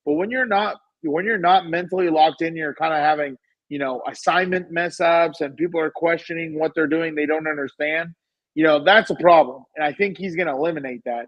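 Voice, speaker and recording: Emphatic, higher-voiced man on a podcast. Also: fairly quick, no room sound, lo-fi sound. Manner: opinionated, emphatic, repeats phrases. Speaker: podcast co-host. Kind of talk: casual sports podcast chat.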